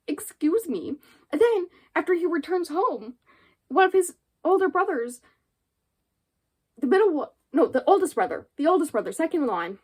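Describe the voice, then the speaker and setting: A woman with a notably high voice gives a casual book review vlog. She retells the story in a loose, rambling flow, animated and full of fillers.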